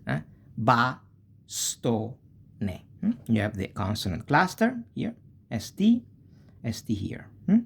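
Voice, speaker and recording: A man with an Italian accent teaching a language lesson, slowly spelling out syllables and checking in with "eh?". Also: medium pitch, slightly rough. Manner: slow, spells out syllables, tags with "eh?".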